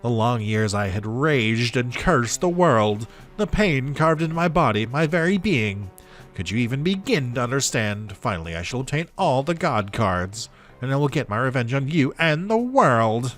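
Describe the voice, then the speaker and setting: A man reading a vengeful male villain's game lines aloud in a slow, grandiose voice. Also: mid-range voice, sing-song, a bit bright, soft background music, pitched above the performer's own voice. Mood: menacing. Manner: slow, dramatic, theatrical delivery.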